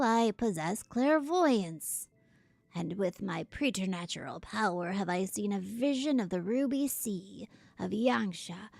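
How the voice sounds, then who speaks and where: A woman's voice: mid-range voice, gravelly, a little mellow, no echo, full character voice. A woman reading as a solemn ancient spirit lord. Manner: slow, measured, archaic reading.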